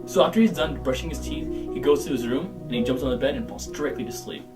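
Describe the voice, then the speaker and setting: A man improvising silly horror story pitches in a rambling, casual way, full of "like". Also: fast talker. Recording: distant mic with guitar music.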